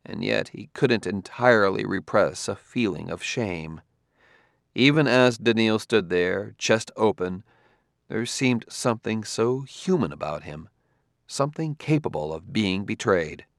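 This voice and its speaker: A man reading a story aloud in a measured narrating style. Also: lowish voice, lively intonation, creaky, no room sound, clean studio sound. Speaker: audiobook narrator. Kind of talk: scripted narration.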